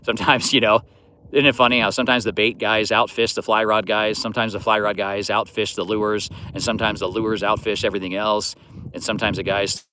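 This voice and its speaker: A man's voice: fairly low pitch, flat delivery, fairly quick, pushed and bright, a little hiss or hum. A man hosting a fishing livestream, chatting casually and rambling with lots of "you know" as he answers viewers' comments. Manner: easygoing, rambling, many fillers like "you know".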